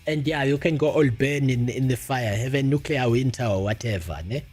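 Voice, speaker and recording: Over soft background music, a man with a South African accent talks at a normal speed in a mid-range voice with a breathy edge. He's livestreaming, reading chat and chatting casually, with a crude, sarcastic streak and plenty of laughter.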